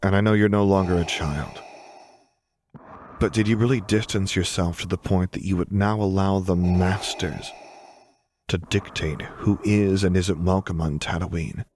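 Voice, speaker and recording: A man voicing a gentle, earnest young man who speaks softly and patiently, in a fan fiction audiobook. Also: sits low, steady tone, unhurried, a little hiss or hum. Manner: soft, earnest, gently urging.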